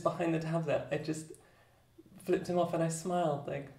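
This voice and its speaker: A woman's voice: rumbling low, vocal fry, a little mellow, reverberant. A young woman telling a personal story to camera in a candid, wry, joking way. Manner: candid, wry, self-deprecating humor. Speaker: YouTuber.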